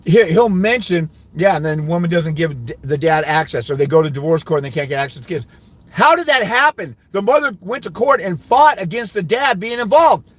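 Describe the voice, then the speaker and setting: A man's voice: high voice, animated, brisk, a bit bright, no echo. A man giving fathers' rights custody advice, ranting indignantly during a livestream while answering comments.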